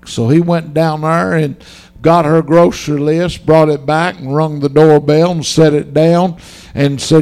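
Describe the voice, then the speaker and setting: A man's voice: fairly high pitch, steady tone, measured pace, gravelly, a little mellow. A man preaching a sermon, fervent and folksy, repeating himself for emphasis. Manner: fervent, repetitive, folksy storytelling. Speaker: pastor.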